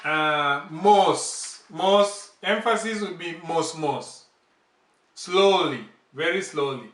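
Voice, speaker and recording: A man teaches a casual language lesson in a slow, deliberate way. He repeats each example word carefully, and his voice is bright and fairly high. He sits back from the mic in a roomy, echoey space. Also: animated. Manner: slow, patient explanations with repeated example words. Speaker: language channel host. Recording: roomy echo, distant from the mic.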